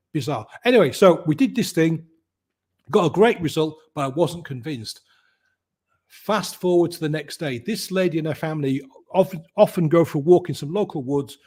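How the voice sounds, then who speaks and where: A middle-aged man, a guest telling his story in a lively way and acting out the voices of the people in it. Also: a little high. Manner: lively, acts out quoted voices. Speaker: guest, mindset coach. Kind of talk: animated storytelling.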